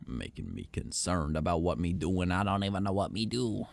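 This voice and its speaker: A man's voice: low-pitched, big pitch swings, normal speed, vocal fry. A young man with a stuffy nose, streaming and rambling casually, swearing and playing mock-offended. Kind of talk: casual chat.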